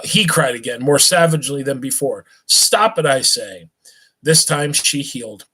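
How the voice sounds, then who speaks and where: The recording quality is low as this man reads a novel on a live stream in a sharp-toned, mid-range voice. He goes slowly, occasionally tripping over words and starting again, and pauses for brief comments to the audience.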